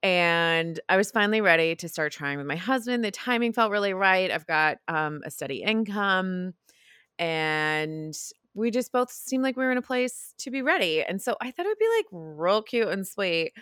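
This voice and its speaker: A woman's voice: mid-range voice, animated, normal speed, fairly bright tone, clean tone, no room sound, studio quality. A woman in her thirties hosting a podcast, telling a personal story in a frank, confessional way and laughing often. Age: 30s. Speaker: podcast host.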